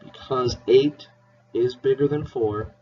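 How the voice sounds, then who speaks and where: A male teacher with a medium-pitched, slightly mellow voice speaks slowly in a playful, encouraging math lesson for children, spelling words out. The mic is distant, and the recording is dull and lo-fi with faint hiss.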